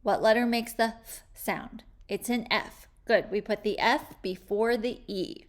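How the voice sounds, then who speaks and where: In a slightly high voice, a woman teaches children a phonics spelling lesson, slowly sounding out words and explaining them clearly and patiently.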